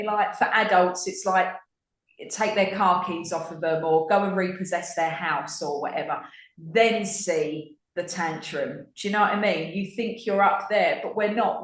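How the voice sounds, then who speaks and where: A woman's voice: lowish voice, a little slow, roomy sound, poor audio. A woman in her forties with an Essex accent, co-hosting a casual spiritual chat and acting out her own inner voices dramatically. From England. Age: 40s. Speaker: podcast co-host.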